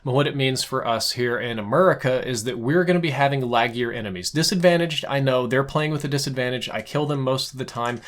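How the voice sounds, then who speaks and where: A man's voice: medium pitch, a bit bright. A man giving opinionated, conversational gaming commentary, ranting casually with frequent restarts. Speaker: gaming YouTuber. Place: home setup, in America.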